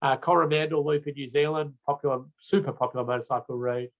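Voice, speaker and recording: A man's voice: medium pitch, steady tone, fast, narrow, tinny audio. A man with an Australian accent giving a recorded road safety training lecture in a casual, chatty way, with many fillers and restarts.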